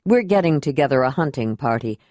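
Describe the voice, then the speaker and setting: A woman's voice: a bass voice, lively intonation, a little fast, darkish tone, no room sound, clean studio sound, voice pushed down. A woman voicing a young man who answers in a hesitant, evasive way.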